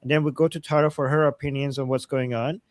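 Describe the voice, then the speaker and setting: A man's voice: mid-range voice, level tone, fast, no echo. A man hosting a live online news stream, talking casually with many fillers and restarts. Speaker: host.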